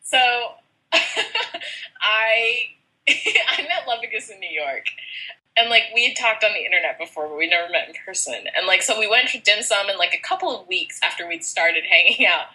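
A woman's voice: medium pitch, animated, normal speed, sharp tone, low-quality recording. A woman from the United States chatting casually with a friend, telling a funny story, laughing often and saying "like" a lot. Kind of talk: casual chat between friends.

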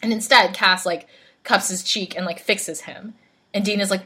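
A woman in casual podcast chat, telling a story with animated energy and acting out lines. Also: mid-range voice, normal speed, husky. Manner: animated storyteller, acts out quotes, laughs a lot. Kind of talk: casual chat recapping a TV show.

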